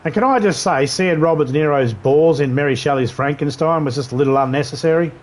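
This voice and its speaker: A man's voice: a little high, quick pace. A man streaming a video game live, riffing in crude, rambling banter and laughing at his own jokes.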